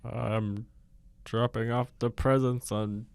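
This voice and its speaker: Deadpan Santa, as a man plays him. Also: medium pitch, slow, gravelly, clean tone, no echo. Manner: deadpan, flat delivery. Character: deadpan Santa with a shaky put-on voice. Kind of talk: improv comedy scene.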